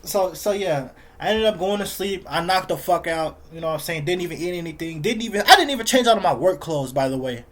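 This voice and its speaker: A man's voice: high voice, lively intonation, quick pace, hardly any pauses, fairly bright tone. A young man telling a rambling story for his vlog in casual slang, repeating himself and calling the listener "bro" constantly. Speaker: vlogger.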